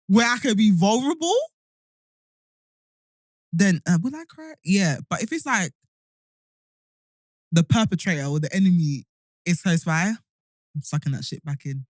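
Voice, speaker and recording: A woman's voice: on the low side, animated, normal speed, long pauses, no room sound, clean studio sound. A young woman co-hosting a podcast, talking bluntly and wryly, swearing freely. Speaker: podcast co-host. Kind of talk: casual chat.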